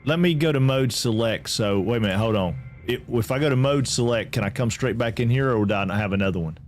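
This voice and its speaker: A man's voice: mid-range voice, quick pace, faint music behind. A man from Georgia, chatting casually with viewers while streaming a game and often repeating himself. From Atlanta, Georgia.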